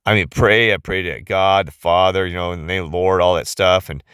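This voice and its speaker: A man's voice: sits low, steady tone, a little fast, a bit bright, smooth, dry recording, clean studio sound. A tired middle-aged man talking in a rambling casual monologue, often losing his thread and restarting, recorded on a phone. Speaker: vlogger.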